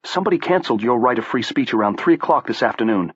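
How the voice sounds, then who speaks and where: A man's voice: medium pitch, lively intonation, fast talker, slightly rough, no room sound, dull audio, pitched above the performer's own voice. A man voicing a mild but bitter middle-aged man who speaks in a dry, sardonic way.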